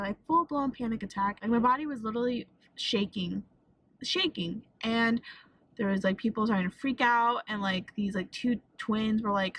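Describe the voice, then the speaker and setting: A woman's voice: fairly high pitch, fairly bright tone, no echo, low-quality recording. A young woman with a Texan accent talking through tears in a casual storytime vlog, swearing and saying "like" a lot. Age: young adult. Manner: emotional, swearing, fillers of "like". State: tearful, crying. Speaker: vlogger.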